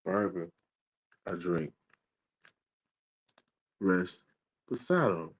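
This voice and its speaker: A man with a very low, deep voice hosts a casual livestream. He talks in a relaxed, slangy way, greeting viewers by name and reading their comments aloud. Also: very slow, low-quality recording. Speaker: livestream host.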